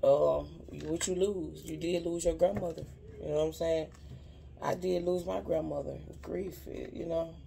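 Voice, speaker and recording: A spiritual advisor gives a casual card reading directly to viewers in a warm, medium-pitched voice with vocal fry, fairly even intonation, and normal speed. There is slight background noise. Earnest, heartfelt, and rambling, the speaker often repeats "you know what I'm saying."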